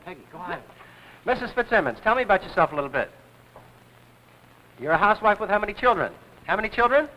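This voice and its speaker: A man hosting a live 1950s television game show with brisk, excitable patter. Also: high voice, lo-fi sound, a little hiss or hum.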